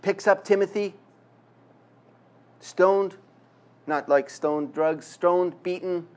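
A man preaching a sermon, reading scripture slowly and emphatically, with humorous asides. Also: high voice. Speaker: pastor.

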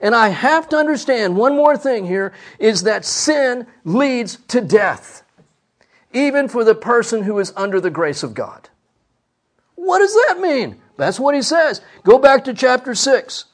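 A man's voice: very high-pitched, big pitch swings, unhurried. A man preaching a sermon, emphatic, asking the congregation rhetorical questions.

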